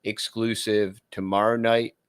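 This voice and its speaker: Brief: middle-aged Texan man, Texan accent, folksy podcast co-host, deeper voice, dry close sound. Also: little pitch movement, measured pace, clean tone, no echo. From Texas. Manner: rambling, folksy, lots of fillers. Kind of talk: casual podcast chat.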